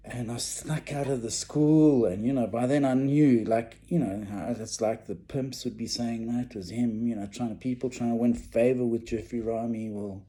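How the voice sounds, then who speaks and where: Dark-voiced man rambling through a story. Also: mid-range voice, steady tone, moderate pace, hardly any pauses. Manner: rambling, casual, with many fillers and restarts. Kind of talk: personal storytelling.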